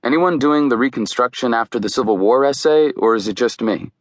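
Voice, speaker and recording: A man's voice: mid-range voice, brisk, no echo, close to an everyday voice. A man voicing a big, easygoing teenage boy in an audiobook reading, talking in a casual, joking way.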